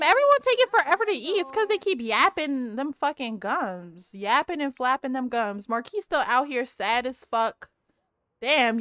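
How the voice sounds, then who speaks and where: High, lively woman gaming commentator. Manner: animated, talks to viewers, swears and laughs a lot. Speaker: Let's Play creator. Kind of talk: casual gameplay commentary.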